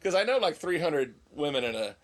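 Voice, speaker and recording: A man in a casual podcast chat, joking and reading stories aloud. His voice is a little high and swings widely in pitch. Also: sing-song, brisk. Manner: joking, reads out news stories. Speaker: podcast co-host.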